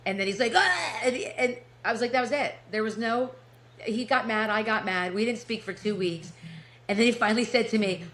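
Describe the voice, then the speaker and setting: A middle-aged woman from New Jersey, with the accent to match, is an author appearing as a podcast guest. She tells her story in casual chat, laughing often and restarting her sentences. Her voice is a little high, a little fast, and fairly bright.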